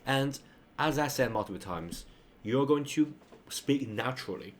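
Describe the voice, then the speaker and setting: A man's voice: medium pitch, expressive, unhurried, slight background noise. A man teaches a casual online lesson, talking loosely and ending his points with a checking "okay?". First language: Mandarin. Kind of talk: casual screen-share lesson.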